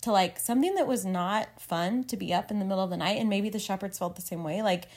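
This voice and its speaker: A woman's voice: mid-range voice, fast, darkish tone. Earnest chatty woman podcaster. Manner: earnest, rambling, many "like" fillers, emotional. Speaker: podcast co-host. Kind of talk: casual faith podcast chat.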